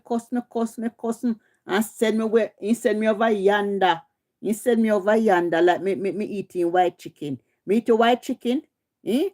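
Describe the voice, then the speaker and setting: A woman's voice: medium pitch, a little mellow. A middle-aged woman with a Jamaican accent, hosting a livestream and scolding, confrontational and repetitive. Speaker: live stream host. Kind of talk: heated livestream rant.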